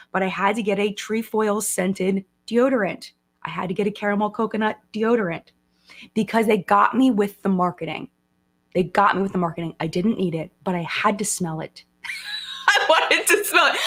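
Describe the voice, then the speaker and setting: A woman hosting a casual live-stream chat, talking in a chatty, excitable way with frequent fillers and laughter. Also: medium pitch.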